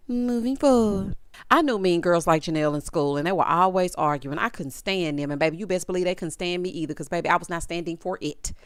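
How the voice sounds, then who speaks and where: Sassy blunt woman, reality show recap vlog, smooth clear voice, dry close sound. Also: fairly low pitch, fast, no echo. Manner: sassy, blunt, scolding asides to the cast; calls viewers honey and baby. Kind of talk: casual recap commentary.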